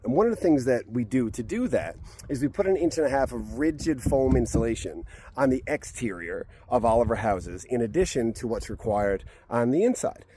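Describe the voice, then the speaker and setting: A man's voice: mid-range voice, a little mellow. A man who works in real estate, walking through a house frame outdoors and explaining the construction in a chatty, emphatic way. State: a little out of breath. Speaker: real estate agent touring a house build. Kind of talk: walkthrough explainer vlog.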